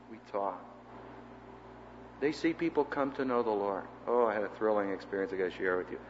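A man teaching a seminary class in a sermon-style lecture, an animated storyteller who acts out the people he quotes. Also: medium pitch, in a large hall, lo-fi sound, a little hiss or hum.

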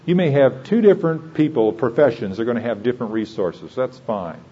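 A man's voice: mid-range voice, animated, brisk, dark tone, slightly rough, highs cut off. A man preaching a sermon in an earnest, conversational way, building to emphatic points.

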